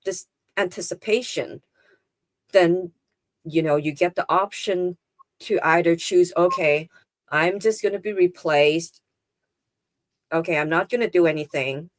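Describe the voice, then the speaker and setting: Woman guest on a video call, very low voice, dry close sound, thinks out loud with lots of like and you know. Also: no echo. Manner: thoughtful, explanatory, many fillers. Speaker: interview guest, AI trainer. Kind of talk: casual interview chat.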